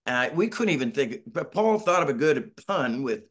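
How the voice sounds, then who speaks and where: A man's voice: medium pitch, sing-song, moderate pace, fairly bright tone. Rambling middle-aged man on a video call. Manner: rambling storyteller, acts out quotes, self-deprecating. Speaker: band member, interview guest. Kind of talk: casual video-call interview. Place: home, Northern California.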